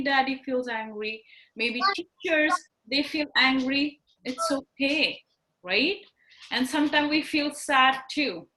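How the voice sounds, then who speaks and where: Slow, high-voiced woman teaching young children. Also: pushed and bright, low-quality recording. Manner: encouraging, simple words, many tag questions. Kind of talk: online class for young children. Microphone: video call.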